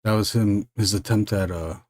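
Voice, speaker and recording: A man's voice: fairly low pitch, steady tone, normal speed, dry recording, studio quality. A man hosting a live stream, chatting casually and rambling, with frequent fillers and laughs. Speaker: live stream host and illustrator.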